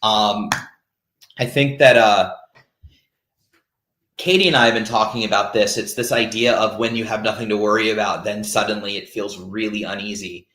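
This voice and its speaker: A man's voice: lowish voice, fairly even intonation, moderate pace, a bit bright. A man hosting a peer support call who talks openly and casually, searching for words and restarting his sentences. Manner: open, searching, stops and restarts often. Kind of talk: candid casual talk. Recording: roomy echo.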